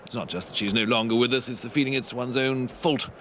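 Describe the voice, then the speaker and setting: A man's voice: mid-range voice, fairly even intonation, fast talker, fairly bright tone, slight background noise, natural voice. A man voicing a pompous, rambling upper-class English commentator with a callous, offhand manner, in comic commentary over old sports footage.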